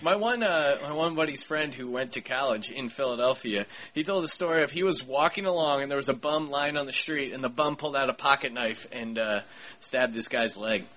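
A man from Pennsylvania hosting a podcast, telling stories in an animated way and laughing often. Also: medium pitch, fairly quick. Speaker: podcast host. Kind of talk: casual chat.

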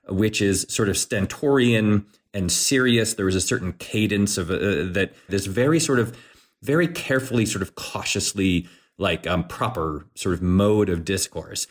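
A man speaking as a guest on a political podcast, animated, acting out quoted voices, with frequent restarts. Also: on the low side.

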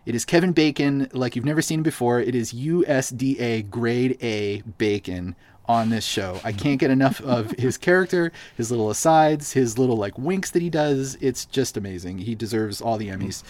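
A man's voice: mid-range voice, moderate pace, darkish tone. A man from Boston hosting a podcast in casual chat, recommending things enthusiastically with lots of fillers. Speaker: podcast host.

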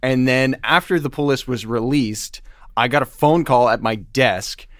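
A man's voice: mid-range voice, measured pace, dry recording, clean studio sound. A man co-hosting a comics podcast, telling stories eagerly with lots of fillers. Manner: enthusiastic storyteller, filler-heavy. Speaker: podcast co-host. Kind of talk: casual podcast chat.

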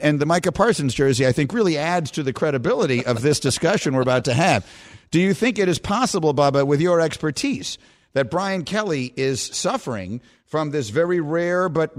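A man from New York hosting sports talk radio, animated and joking. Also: a little high, normal speed.

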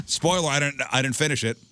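A man's voice: fairly high pitch, normal speed, pushed and bright. A man co-hosting a radio show, animatedly recounting what he read and watched. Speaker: radio co-host. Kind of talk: casual chat.

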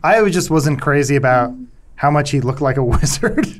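A man co-hosting a podcast, chatting casually with frequent laughter and quick impressions. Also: fairly high pitch, expressive. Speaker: podcast co-host. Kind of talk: casual chat.

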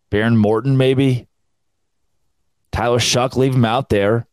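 A young man, hosting a solo college football podcast in a sarcastic, animated rant. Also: medium pitch, takes it slowly, pauses often, smooth, no echo. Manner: sarcastic, animated, mocking quoted fans. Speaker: podcast host.

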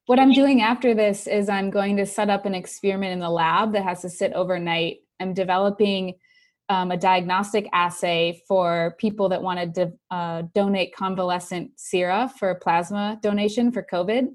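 A woman scientist on a podcast, talking at a middle pitch in a quick, explanatory way. Her tone is relaxed and chatty. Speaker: guest scientist. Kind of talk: casual interview chat.

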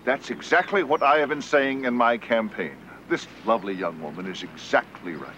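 A man's voice: medium pitch, normal speed, bright, forceful tone, a little hiss or hum, close to an everyday voice. A man voicing a pompous rich banker who has swapped bodies with a bum. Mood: haughty. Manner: pompous, lofty.

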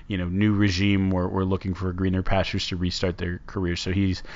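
A man with a fairly low voice hosts a casual sports talk show. His delivery rambles and halts as he works through his thoughts. The recording sounds dull and lo-fi. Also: completely flat delivery, a little fast, a little mellow. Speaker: sports podcast host.

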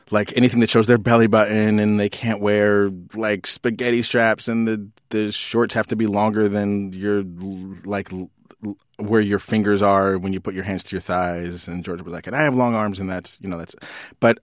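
A man co-hosting a casual podcast, his voice on the low side and recorded dry and close. He tells stories in an animated way, laughs easily and swears without holding back. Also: no echo. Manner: animated storytelling, swears freely, laughs often. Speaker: podcast co-host, writer.

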